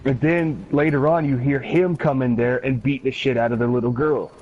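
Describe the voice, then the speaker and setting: A man's voice: medium pitch, steady tone, moderate pace. A man hosting a gaming channel, who tells rambling stories in casual chat and swears freely. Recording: dull lo-fi stream recording with faint noise.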